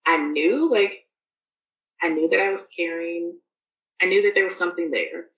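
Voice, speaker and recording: Female podcast guest, low register, halting storyteller with many fillers; distant roomy recording, faint background noise. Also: a bit bright. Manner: rambling, full of fillers and restarts. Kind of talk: casual storytelling.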